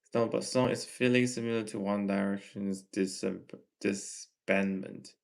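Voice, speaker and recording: A man with a Malaysian English accent, reading chat messages aloud on his livestream and answering them in a gently lecturing way. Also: fairly low pitch, steady tone, normal speed, vocal fry. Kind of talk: casual live chat Q&A.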